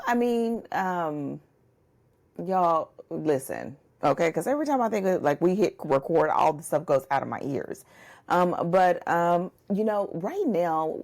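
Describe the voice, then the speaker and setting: A woman's voice: low-pitched, creaky, darkish tone. A woman co-hosting a book podcast, chatting casually, rambling and saying "y'all" and "listen" a lot. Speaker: podcast co-host, book coach and editor. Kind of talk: casual chat.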